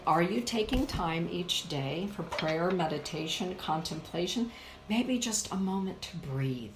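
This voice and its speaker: A woman giving a live oracle card reading, speaking slowly and emphatically and addressing her viewers by name. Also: fairly low pitch, reverberant, a little hiss or hum, rough recording. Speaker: spiritual author and card reader.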